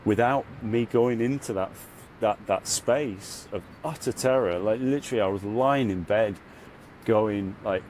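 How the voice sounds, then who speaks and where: A man with a fairly low voice speaks as a podcast guest, telling his own story in a casual, heartfelt way. He fills his sentences with "you know" and lifts into loud, high bursts when he relives the hard parts. A faint hum of noise sits behind him. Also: slow. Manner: earnest, reflective storytelling with frequent "you know". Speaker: podcast guest, spiritual guide. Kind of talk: casual conversational interview.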